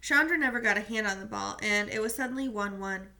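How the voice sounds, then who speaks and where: A woman's voice: mid-range voice, fast talker, gravelly, bright, forceful tone. A woman reading a novel aloud, telling the story steadily in the first person. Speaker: reader.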